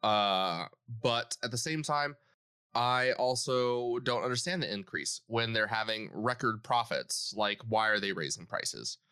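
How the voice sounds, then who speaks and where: A man's voice: fairly low pitch, lively intonation, a little slow, pushed and bright, clean tone, no echo, studio quality. A man co-hosting a casual gaming podcast, bantering playfully and poking fun at himself. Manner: playful, self-mocking banter. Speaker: podcast co-host.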